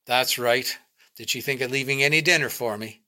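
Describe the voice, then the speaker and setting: A man's voice: mid-range voice, moderate pace, pushed and bright. A man voicing an angry, drunken working-class father who bawls at his son. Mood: furious. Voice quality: bawling, blustering.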